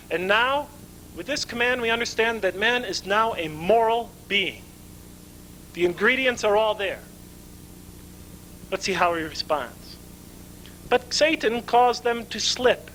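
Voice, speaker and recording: A male lecturer with a high, bright, forceful voice, who poses questions to his audience and answers them himself. His delivery is lively and builds through emphatic lists. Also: slight background noise, poor audio. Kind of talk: conference lecture.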